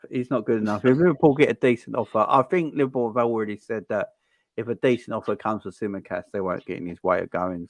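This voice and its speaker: A man's voice: mid-range voice, no room sound. A man, a guest pundit, giving blunt, slangy football opinions in casual chat.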